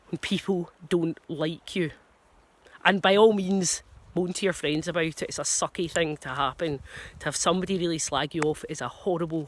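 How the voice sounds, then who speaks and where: A Scottish woman who trains dogs, speaking to camera in a relaxed, candid way. She gives plain-spoken advice and pokes fun at herself in passing. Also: low voice. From Scotland. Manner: frank, plain-spoken, self-deprecating. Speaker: dog trainer. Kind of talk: casual advice talk to camera.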